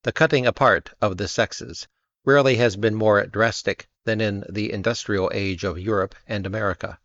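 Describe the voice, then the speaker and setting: Male narrator, low voice with gravelly fry, dry dull lo-fi sound, steady essay reading. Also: dry recording. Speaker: reader.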